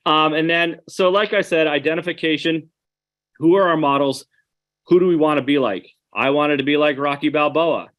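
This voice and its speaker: A man's voice: a little high, moderate pace, fairly bright tone. A man giving an online webinar presentation, earnest and conversational, speaking straight to his audience.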